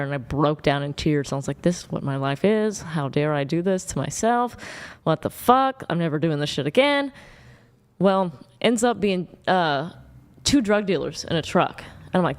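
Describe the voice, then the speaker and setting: Casting: young woman, guest on a dating panel, blunt and profane storyteller, smooth clear voice. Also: low-pitched. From Oklahoma.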